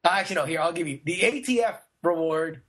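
A man co-hosting a podcast, reading news out loud with wry asides in a casual chat. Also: fairly high pitch, fast talker. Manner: wry, reads out news quotes with running asides. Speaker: podcast co-host.

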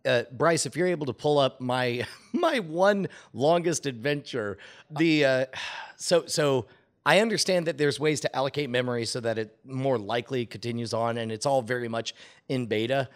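A man's voice: mid-range voice, moderate pace. A man co-hosting a casual tech podcast, talking animatedly and laughing as he recounts a game. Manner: animated, laughing, reads game text aloud with rising excitement. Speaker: podcast co-host.

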